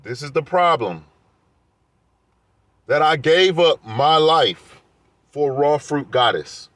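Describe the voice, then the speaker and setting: A man's voice: a little high, lively intonation, takes it slowly, a bit bright, no room sound. Aggrieved man ranting to camera. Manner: aggrieved, defensive, heated. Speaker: vlogger. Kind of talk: casual rant to camera.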